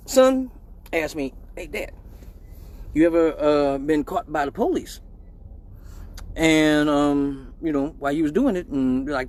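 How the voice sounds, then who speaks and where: A middle-aged man, hosting a live stream and telling a profane story in a casual way, acting out the voices in it. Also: a little high. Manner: animated, profane, acts out voices in his story. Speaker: live show host.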